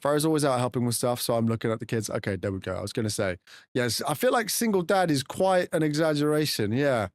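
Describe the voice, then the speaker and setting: A man's voice: medium pitch, lively intonation, quick pace, no echo. A man in casual, teasing chat with his live viewers as a game streamer, swearing freely.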